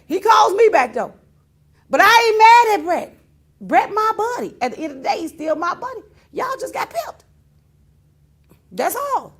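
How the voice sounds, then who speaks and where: Lady hosting her own show, high voice, keeps cracking up while she roasts folks. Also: creaky. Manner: laughing, teasing, animated. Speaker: talk show host. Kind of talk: casual on-air rant to viewers.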